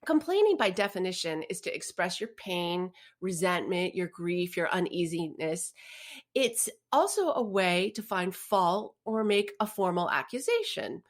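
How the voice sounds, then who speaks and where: Woman podcast host, casual storyteller with a lively, swinging pitch. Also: measured pace. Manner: storytelling, expressive, laughs often. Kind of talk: casual chat.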